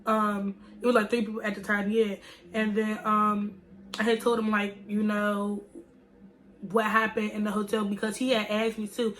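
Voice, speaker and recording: A woman's voice: medium pitch, flat delivery, normal speed, fairly bright tone. A young woman vlogger telling a story to her viewers in a chatty, slangy way. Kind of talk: casual storytime.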